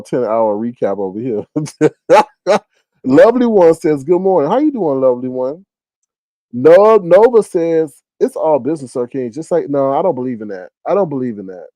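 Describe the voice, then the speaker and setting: Man with chatting on a live stream, teasing viewers, kinda high voice, dry sound. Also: no room sound, poor audio. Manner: animated, teasing, jumps to high exclaiming outbursts. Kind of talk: casual live chat reading viewer comments. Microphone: phone.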